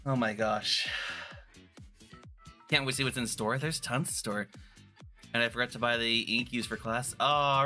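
Bright, playful male streamer. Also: medium pitch. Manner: chatty and playful, rambling with restarts. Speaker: vtuber streamer. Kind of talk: casual live-stream chat.

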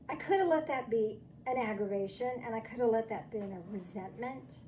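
A woman minister with a somewhat high, mellow voice preaches in a chatty, self-deprecating way. She then slows into a soothing guided meditation. A faint hiss sits behind her. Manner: slow, soothing meditation guidance.

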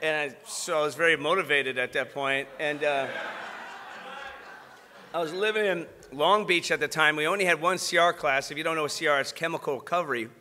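High bright-voiced man preaching in a hall. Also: a little fast. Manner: personal testimony building to fervent preaching. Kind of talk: sermon. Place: large church hall.

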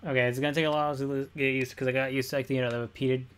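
A man streaming a video game, talking casually and excitably, repeating himself and swearing freely. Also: medium pitch, very fast, smooth. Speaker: gaming streamer. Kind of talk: casual gameplay commentary.

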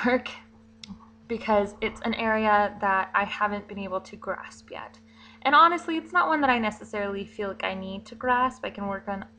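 Chatty young woman with a bright voice. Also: mid-range voice, a little hiss or hum, poor audio. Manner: chatty, rambling with fillers and giggles. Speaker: vlogger. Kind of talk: casual vlog monologue.

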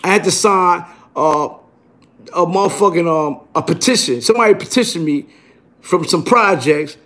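Middle-aged new york guy, high voice, cursing street slang storytelling. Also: moderate pace, fairly bright tone. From Brooklyn, New York. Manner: streetwise, profane, keeps asking "you heard?". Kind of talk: casual storytelling monologue.

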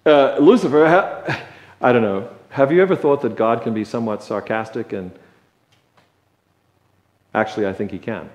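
A male preacher giving a sermon in a conversational, joking way, slow and deliberate, in a church. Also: medium pitch, darkish tone. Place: church sanctuary. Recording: echoey church sanctuary.

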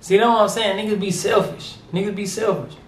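A man hosting a music reaction video, talking in an animated, slangy way and calling the artist bro and big homie. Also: high-pitched, fast, echoey room, heavy background noise. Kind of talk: casual reaction commentary.

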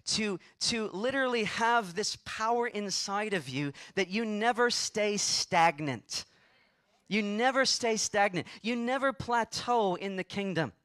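A man preaching in a church with a high, bright, forceful voice. He is emphatic, repeats his phrases for weight and calls on the congregation to answer. The sound is close and dry. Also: dry recording. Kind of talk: sermon. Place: church sanctuary.

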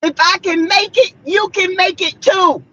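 A woman's voice: extremely high pitch, a little slow, pushed and bright, dull audio. A woman from South Carolina, a vlogger, delivering a fiery, preachy, blunt rant to her viewers from her car.

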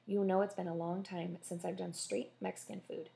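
A woman voicing a loud, bossy and affectionate mother who runs a restaurant, speaking emphatically. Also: lowish voice, flat delivery, moderate pace, creaky. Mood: bossy warm. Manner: commanding, emphatic.

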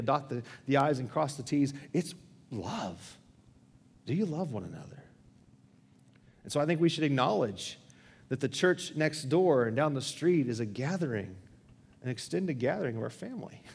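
High-voiced pastor in a reverberant hall. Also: male voice, husky. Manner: conversational storytelling with repeated restarts. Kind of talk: sermon. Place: church sanctuary. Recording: long church hall reverb.

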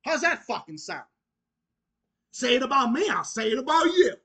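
A man's voice: extremely high pitch, big pitch swings, normal speed, pushed and bright, husky. A man hosting his own channel, delivering an angry, profane, repetitive rant that goes straight at his critics. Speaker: channel host.

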